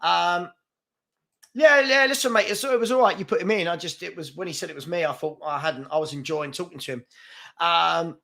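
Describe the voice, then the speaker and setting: A man's voice: a little high, brisk, vocal fry, sharp tone. A man hosting a live fan chat show, chatty and brash as he reads comments and takes on trolls. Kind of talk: casual live-stream chat reading comments.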